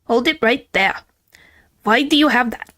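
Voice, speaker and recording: A woman voicing a cool, self-assured male prosecutor in a courtroom game, speaking in measured tones. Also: on the high side, a bit bright, slight background noise. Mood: confident.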